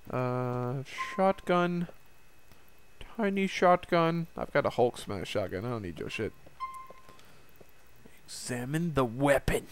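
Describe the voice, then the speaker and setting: A man's voice: medium pitch, slight background noise. A young man giving casual, profane let's-play commentary over a game, rambling and laughing at himself. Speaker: gameplay commentator.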